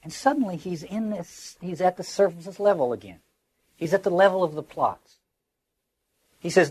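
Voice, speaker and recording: A man lectures on literature in a reflective, halting way, repeating words as he gropes for the next phrase. His voice sits a little high and is husky. The sound is dry and close. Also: expressive, a little mellow, dry recording. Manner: reflective, quotes lines aloud with emphasis.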